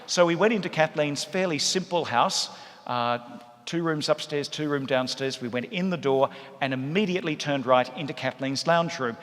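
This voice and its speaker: Priest preaching in an echoey church. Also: male voice, on the high side, moderate pace. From Australia. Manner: lively, humorous storytelling with acted voices. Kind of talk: sermon with storytelling. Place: large church.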